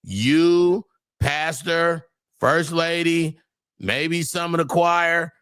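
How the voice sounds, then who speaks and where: A middle-aged man, a comedian guest, talking loud and animated, laughing through his stories. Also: a little high, extremely slow, smooth, no room sound, clean studio sound. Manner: loud, talks over his own laughs, Southern Black church slang. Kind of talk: animated podcast chat.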